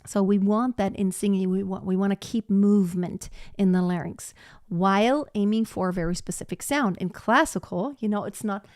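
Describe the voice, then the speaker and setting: A woman voice teacher gives a live singing lesson, explaining technique and breaking into short sung demonstrations. Her mid-range voice has a darkish tone and moderate pace, recorded in clean studio sound with no room sound.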